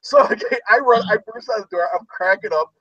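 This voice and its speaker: A man hosting a relaxed chat, telling a story with lots of energy and acting out the voices of other people. His voice sits high and swings widely. He sounds a little far from a dull-sounding mic. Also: quick pace, no echo. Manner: animated storyteller, acts out shouts. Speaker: host. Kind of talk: casual chat.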